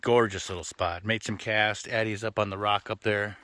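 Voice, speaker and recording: Bright-voiced man narrating a lake trip vlog. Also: lowish voice, moderate pace, no room sound. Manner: relaxed, chatty tour-guide commentary. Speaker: family vlogger. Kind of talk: casual travel vlog narration. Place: outdoors on a lake and trails.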